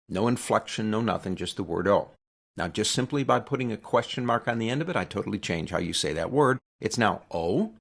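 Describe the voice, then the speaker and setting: A man with a fairly low, gravelly voice walks through a software tutorial. He talks in a relaxed, conversational way and now and then plays with his inflection to make a point. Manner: conversational, expressive teacher who demonstrates inflection. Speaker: web design instructor. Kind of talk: screen-recorded software tutorial.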